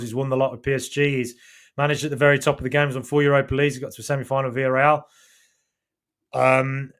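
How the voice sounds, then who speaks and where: Male podcast host, casual live-chat read, mid-pitched, loose and chatty with fillers. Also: a bit bright. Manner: chatty, thanks viewers, many fillers and restarts.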